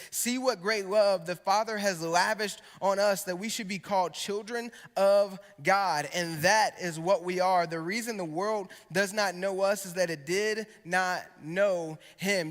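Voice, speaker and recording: A man's voice: sits high, a bit bright. A young man, a youth pastor, preaching to students in a conversational way, with personal stories. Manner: conversational preaching with storytelling asides. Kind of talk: sermon to students. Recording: long hall reverb.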